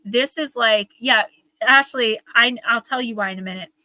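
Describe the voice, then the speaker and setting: A woman's voice: a little high, moderate pace, sharp tone, dry recording, low-quality recording. A young woman hosting a live oracle card reading, talking in a rambling, earnest, emotional way. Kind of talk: live-stream card reading, casual chat. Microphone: live-stream microphone.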